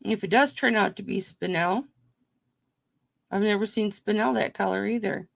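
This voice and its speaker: A woman's voice: mid-range voice, normal speed, vocal fry. A woman hosting a live-streamed jewelry auction, chatting casually with viewers by name as she shows and sells pieces.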